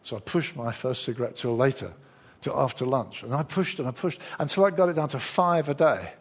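A middle-aged man preaching a lively sermon, acting out the inner voices of his listeners. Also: mid-range voice, a little fast, husky.

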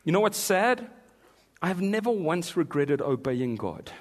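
A man preaching, his voice sitting a little high for a man. He reads scripture slowly and deliberately, then breaks into animated bursts. His delivery jumps between hushed reflection and loud excitement. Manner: animated, with sudden shouts and laughs. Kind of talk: sermon.

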